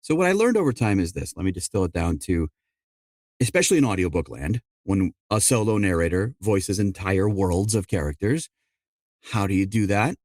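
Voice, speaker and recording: A middle-aged man with a fairly low voice explains his work as a dialect coach and narrator. He talks in a conversational, explanatory way and slips in quick quoted asides. The sound is close and dry, with no room around it. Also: lively intonation, a little mellow, no room sound. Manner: explanatory, quick asides quoting other people. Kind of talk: conversational interview answers.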